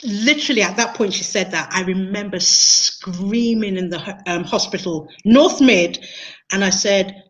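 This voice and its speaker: Earnest woman, mid-pitched, recounts a personal story on a muffled video call. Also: unhurried, a bit bright. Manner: earnest, emotional, repeats words and restarts. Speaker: interview guest, training consultant.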